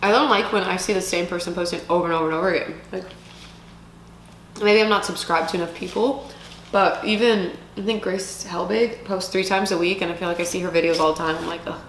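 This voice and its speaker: A woman's voice: lowish voice, fairly even intonation, quick pace, slight background noise. A young adult woman co-hosting a casual eating show, chatting between bites. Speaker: co-host. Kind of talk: casual chat. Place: indoors. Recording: echoey room.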